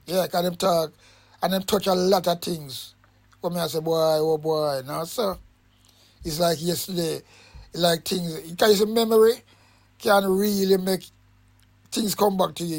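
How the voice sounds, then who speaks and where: A man with a Jamaican accent introducing an interview, talking in a passionate, rambling patois. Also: high-pitched. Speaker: host.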